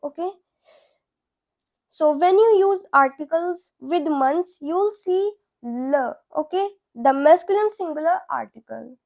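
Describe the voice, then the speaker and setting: A woman's voice: very high-pitched, animated, unhurried, creaky, a little mellow. A young woman teaching a beginner French lesson, patient and repeating each word several times.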